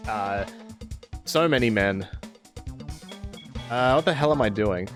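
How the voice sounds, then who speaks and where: A man's voice: on the low side, measured pace, pauses often, music in the background. A man with an Australian accent chatting casually on a live game stream, rambling and answering chat as he plays.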